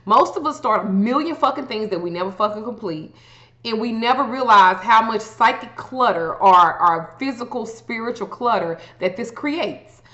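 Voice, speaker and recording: A woman's voice: fairly high pitch, normal speed, a bit bright. A woman giving astrology advice in a blunt, profane, casual rant. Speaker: astrology vlogger. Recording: echoey room, dull lo-fi sound.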